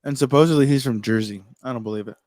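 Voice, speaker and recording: A man's voice: medium pitch, racing, darkish tone. A man hosting a casual chat, teasing his guest with profane banter.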